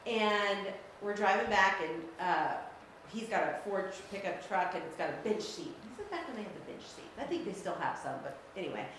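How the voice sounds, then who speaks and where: A woman telling a personal story to an audience, animated and laughing often, pausing for effect. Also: mid-range voice. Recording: echoey room, faint background noise.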